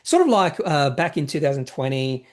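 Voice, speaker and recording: A man with a slightly high voice and wide pitch swings talks at a normal speed. He hosts an investing channel, offering casual market commentary and reading viewer questions, answering them in a rambling, self-correcting way packed with fillers.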